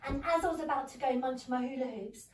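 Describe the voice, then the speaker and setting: This stand-up comic, a woman in her thirties, talks fast in a high-pitched voice, giggling at her own jokes with no microphone. Captured from afar in an echoey comedy venue before an audience, the clip has faint music behind her.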